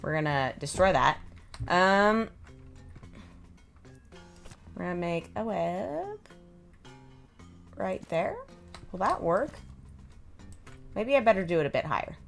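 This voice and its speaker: Slow, gravelly-voiced woman playing a game. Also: lowish voice, big pitch swings, faint music behind. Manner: chatty, thinks aloud, laughs often. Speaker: gameplay streamer. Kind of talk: casual gameplay commentary.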